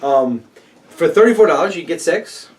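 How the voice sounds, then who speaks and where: A man with a slightly high voice co-hosts a casual chat, upbeat and chatty, sometimes tripping over names. He sits a little far from the microphone. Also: expressive, moderate pace. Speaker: co-host. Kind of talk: casual chat reviewing crowdfunding campaigns.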